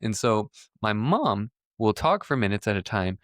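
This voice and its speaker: A young man co-hosting a podcast, telling lively stories in a relaxed casual conversation. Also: lowish voice, moderate pace, no echo, studio quality. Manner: lively storyteller, says he prefers listening. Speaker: podcast co-host.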